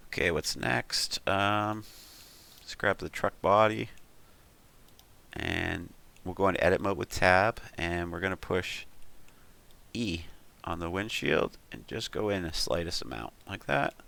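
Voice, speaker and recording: A man with a deep voice and a gravelly, fry-edged texture talks a viewer through a modeling tutorial, step by step. His delivery is casual and unhurried, and he thinks aloud with plenty of ums and uhs. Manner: relaxed, thinks aloud with frequent "um" and "uh"; talks the viewer through steps with "we'll" and "you could". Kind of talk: casual screen-recorded tutorial.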